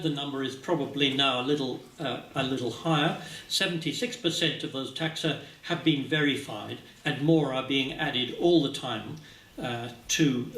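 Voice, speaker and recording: Halting man lecturing in an echoey hall. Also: on the high side, fairly bright tone, a little hiss or hum. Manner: halting, many "uh" fillers and restarts. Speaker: scientist giving a symposium talk. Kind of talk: conference presentation. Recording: echoey hall, speaker far from mic.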